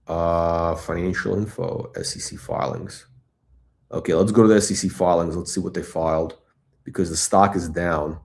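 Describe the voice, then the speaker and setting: A middle-aged man hosting a live stock chat, talking in an excitable, blunt, repetitive way and swearing now and then. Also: sits low, moderate pace, vocal fry. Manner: excitable hype, blunt, swears, repeats himself. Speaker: stock channel host. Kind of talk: livestream stock chat reading chat questions.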